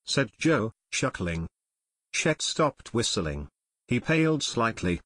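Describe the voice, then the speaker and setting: A man reading a novel aloud as audiobook narrator. His pitch moves a lot, and the sound is dry and close. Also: big pitch swings, takes it slowly, fairly bright tone, husky, no echo. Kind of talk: scripted narration.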